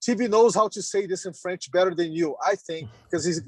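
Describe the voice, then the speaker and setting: Halting man on a video call. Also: high-pitched, husky. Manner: halting, repeats words, laughs often. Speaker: meeting participant. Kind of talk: casual video call chat. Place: in a car on the road.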